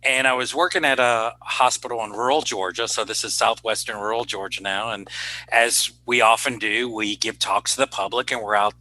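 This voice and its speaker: Man, middle-aged, cardiologist-chef guest, rambling casual storytelling, self-deprecating, forceful bright voice. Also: medium pitch, steady tone, moderate pace, a little hiss or hum, poor audio.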